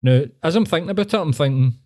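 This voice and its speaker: A man's voice: a little high, expressive, fast, dark tone. A man on a podcast with sweary, giggly banter. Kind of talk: casual podcast chat.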